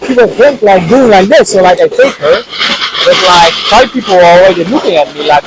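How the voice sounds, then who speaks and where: A man with venting in a casual chat, animated and frustrated, mimicking a partner's nagging. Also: sits high, brisk, very noisy. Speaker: guest telling his own story.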